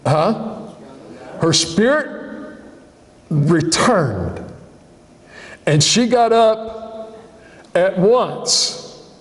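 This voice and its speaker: A man preaching a sermon as a pastor, telling the story in an animated way and acting out the scene. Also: high-pitched, extremely slow, long pauses. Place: church. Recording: long church hall reverb.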